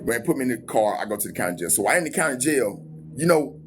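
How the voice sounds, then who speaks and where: A man telling a personal story in a casual, animated way, acting out the quoted lines. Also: mid-range voice, fast talker, a little hiss or hum. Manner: animated, acts out every quote in his story.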